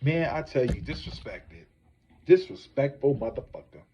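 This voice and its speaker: Profane, animated male gossip streamer. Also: mid-range voice, moderate pace, breathy edge. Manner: profane, animated, talks straight to viewers. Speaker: psychic tarot reader and gossip host. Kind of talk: casual celebrity gossip livestream.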